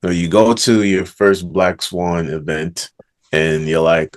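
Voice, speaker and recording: Podcast guest, male, deep voice, unhurried, reflective. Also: little pitch movement. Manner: slow, thoughtful, murmurs "hmm" before answering. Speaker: author and negotiation coach, podcast guest.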